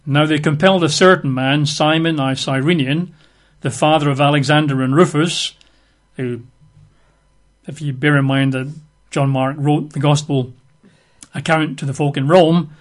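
A man's voice: on the high side, steady tone, moderate pace. A male preacher teaching through a Bible passage in a conversational sermon, explaining it with casual asides.

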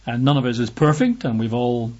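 Man, sermon, Bible reading, emphatic repetition, mid-pitched, husky, muffled lo-fi sound. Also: animated, brisk, a little mellow. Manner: emphatic, repeats phrases for stress. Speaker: preacher.

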